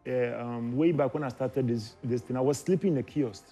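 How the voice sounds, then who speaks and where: A man's voice: medium pitch, fairly quick, warm tone, husky, soft background music. A man with a Ghanaian accent chatting as a talk show guest, teasing and emotional, laughing often. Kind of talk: casual chat.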